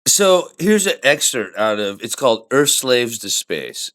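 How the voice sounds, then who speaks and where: A man's voice: mid-range voice, sing-song, unhurried, few pauses, a bit bright. A man co-hosting a podcast, joking and rambling through casual chat. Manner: joking, rambling, goofing around. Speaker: podcast co-host.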